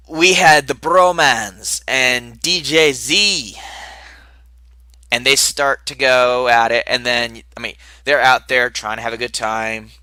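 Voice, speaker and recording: A man's voice: mid-range voice, bright, forceful tone, dry recording. A young man recapping a wrestling show in a casual, rambling podcast style, with asides and muttered remarks.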